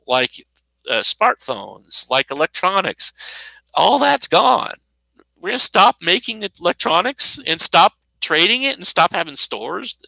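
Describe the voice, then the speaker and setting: With a high-sitting, creaky voice and a sharp tone, this U.S. commentator in his 50s rants off the cuff, sarcastic and indignant. He wanders and restarts frequently, on a rough recording without room sound.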